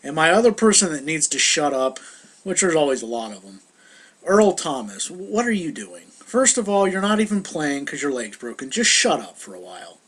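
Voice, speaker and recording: Man, young adult, exasperated rant, casual vlog, high voice. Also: very animated, normal speed, fairly bright tone, husky. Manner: heated, exasperated ranting. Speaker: vlogger. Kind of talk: casual ranting monologue.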